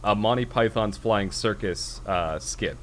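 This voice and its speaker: A man's voice: lowish voice, a little slow, a little hiss or hum. A man co-hosting a casual podcast, rambling and laughing often. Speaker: podcast co-host.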